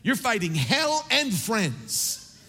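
A man preaching a sermon as pastor, impassioned and building to near shouts. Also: high-pitched, wildly swooping pitch, slow, husky. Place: large church sanctuary. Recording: long reverb of a large hall.

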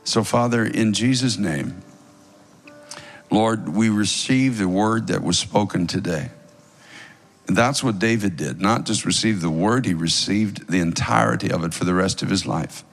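A man's voice: fairly low pitch, a little slow, creaky, soft background music. A man leading an earnest altar prayer at the close of a sermon, in a pleading preacher's cadence. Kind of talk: sermon prayer over music.

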